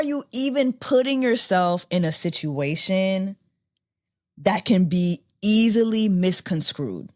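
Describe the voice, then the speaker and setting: A woman in her thirties hosts a casual commentary podcast, voice swooping up and down as she reacts in disbelief. She talks at an unhurried, drawn-out pace, often laughing and repeating herself. The sound is dry and close. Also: medium pitch, animated, dry recording. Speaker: podcast host.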